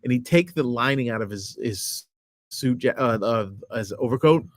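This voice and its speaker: A deadpan man trades dry, self-deprecating jokes with his wife on their podcast. His voice sits at a middle pitch, and the sound is close and dry. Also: moderate pace, dry recording. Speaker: podcast co-host. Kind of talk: casual married-couple banter.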